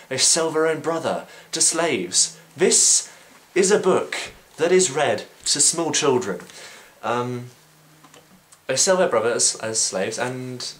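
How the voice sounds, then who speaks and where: A man's voice: mid-range voice, fairly bright tone. A young man vlogging, retelling a story casually with sarcasm, swearing and frequent fillers.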